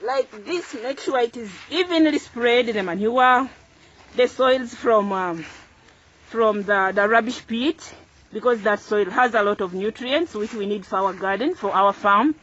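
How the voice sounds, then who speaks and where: A woman farmer with a raised, husky voice gives an upbeat, casual planting lesson in an outdoor garden. She repeats short phrases as she mixes and packs soil. The recording is dull and lo-fi. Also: fairly high pitch, unhurried, a bit bright. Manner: repeats phrases while working with her hands, upbeat and instructive. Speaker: farmer and channel host. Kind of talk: casual farming tutorial.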